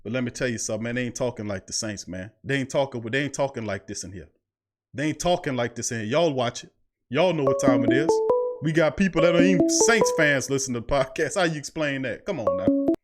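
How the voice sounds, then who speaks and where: A man's voice: medium pitch, expressive, fast, soft background music. Man, sports podcast host, fired-up, preachy, repeats himself, studio mic. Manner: preachy, repeats phrases, heavy Southern US slang.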